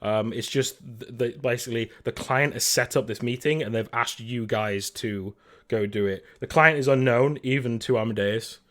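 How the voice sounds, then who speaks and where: Halting man running a tabletop game. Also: medium pitch, fairly bright tone. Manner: halting, full of fillers and restarts. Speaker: game master.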